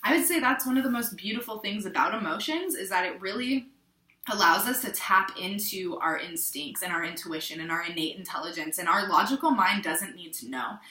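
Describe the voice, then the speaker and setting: A young adult vlogger from the Pacific Northwest talks casually and reflectively to her viewers, her mid-range voice fairly quick in a reverberant space. She's candid and rambling, restarting often and dropping soft asides.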